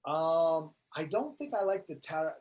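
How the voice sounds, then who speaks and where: A man's voice: fairly high pitch, normal speed. A man, a comedian guest in an interview, telling stories in casual chat and acting out quotes. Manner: animated storyteller, acts out quotes.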